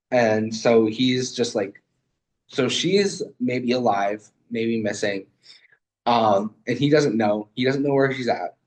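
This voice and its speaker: A man's voice: lowish voice, low-quality recording. A young man and student giving a casual, rambling literary video essay over a video call, with lots of fillers and swearing.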